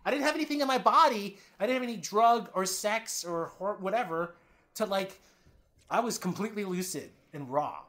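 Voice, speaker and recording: A man guesting on a podcast tells candid personal anecdotes briskly, voicing other people's lines as he goes. He swears freely, and his volume swings from loud and animated to low and quiet.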